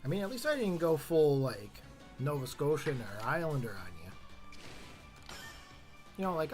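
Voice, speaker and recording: Brief: Canadian male streamer, slightly high voice, casual self-deprecating chatter, light laughs, faint music behind. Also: big pitch swings, moderate pace, long pauses. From Canada, northern New Brunswick. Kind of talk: casual live-stream chat while gaming.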